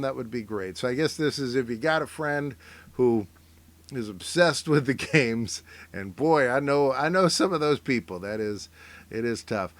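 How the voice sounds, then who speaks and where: A man's voice: medium pitch, expressive, a little slow, a bit bright, no echo. Wry rambling middle-aged man. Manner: rambling, wry, self-interrupting with fillers; mock voices for people he quotes. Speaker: comedian reacting to memes. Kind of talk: casual comic commentary.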